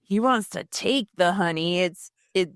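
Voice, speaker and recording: A woman co-hosting a podcast, chatting casually and chiming in with quick agreement. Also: on the low side, no room sound, clean studio sound. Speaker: podcast co-host. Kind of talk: casual chat.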